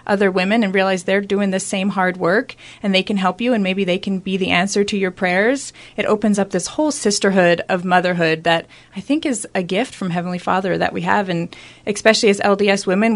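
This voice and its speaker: A woman's voice: mid-range voice, steady tone, brisk. A woman who is a guest on a radio talk discussion, speaking sincerely and encouragingly.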